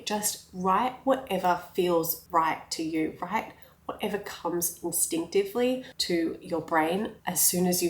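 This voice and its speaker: Gravelly-voiced woman coach, roomy echo. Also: lowish voice. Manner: encouraging, repeats "okay?" to check in. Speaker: life coach. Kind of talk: guided journaling instruction.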